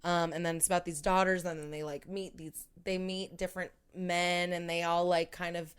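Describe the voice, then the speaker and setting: A woman's voice: fairly low pitch, little pitch movement, moderate pace, smooth. A young woman co-hosting a podcast in casual chat, rambling with lots of "like" and swearing. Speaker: podcast co-host.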